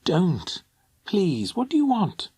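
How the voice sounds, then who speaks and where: A man's voice: high voice, wildly swooping pitch, slow pace, mellow, husky, dry recording, voice pushed up, exaggerated voice. A man reading aloud, voicing an anxious, dutiful teenage girl with a hesitant, pleading manner.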